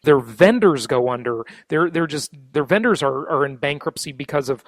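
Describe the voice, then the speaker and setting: A fairly high male voice, recorded close and dry with no room sound. He is a podcast host chatting with his guest, agreeable yet ready to state his own opinions. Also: expressive, moderate pace, no echo. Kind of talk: interview conversation.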